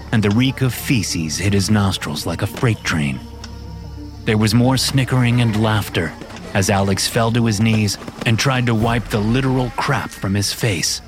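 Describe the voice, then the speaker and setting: A low-voiced man narrating a scripted horror story at a steady, measured pace. His delivery is even and controlled, and background music plays under the narration throughout. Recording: music playing behind.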